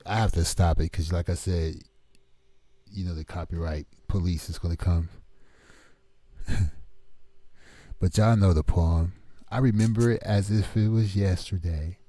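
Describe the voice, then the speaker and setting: A man's voice: low voice, fairly even intonation, measured pace, long pauses, dark tone, no room sound. A man chatting casually on his stream in a rambling way, laughing often, talking into his own microphone at a home setup. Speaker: livestreamer making music.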